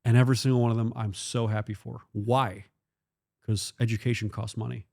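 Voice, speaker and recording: A man's voice: medium pitch, little pitch movement, fairly quick, creaky, dark tone. Blunt, emphatic male interview guest. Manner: emphatic, blunt, swears freely. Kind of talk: casual chat.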